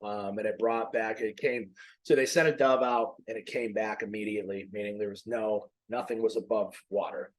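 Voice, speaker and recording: A man's voice: on the low side, steady tone, moderate pace, rough recording. A man hosting his own podcast, talking casually and rambling through self-corrections, a little out of breath. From Maine. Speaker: podcast host. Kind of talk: casual faith talk.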